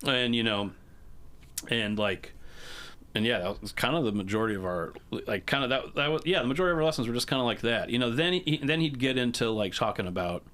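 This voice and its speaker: A man's voice: medium pitch, expressive, fairly quick, fairly bright tone. A man telling a story in casual podcast chat as a guest, rambling with lots of fillers and frequent laughs. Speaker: guest percussionist.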